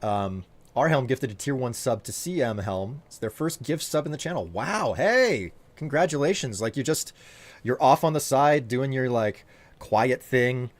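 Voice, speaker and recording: A man's voice: mid-range voice, animated, unhurried. A man streaming live, chatting casually and teasing his viewers while thanking them by name.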